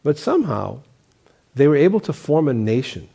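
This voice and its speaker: A man's voice: a little high, big pitch swings, normal speed, vocal fry, mellow, slightly rough. A middle-aged man, a pastor, teaching a Bible college class in a sermon style, emphatic and repetitive, firing off rhetorical questions and stumbling over restarts. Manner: emphatic, repeats key phrases, asks rhetorical questions.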